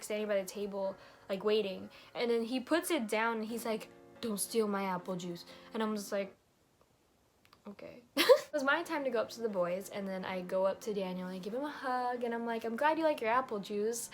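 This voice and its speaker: Young woman, vlogger, casual storytime, bubbly, chatty, slightly high voice, faint background music. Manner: bubbly, chatty, fills with "like" and "literally".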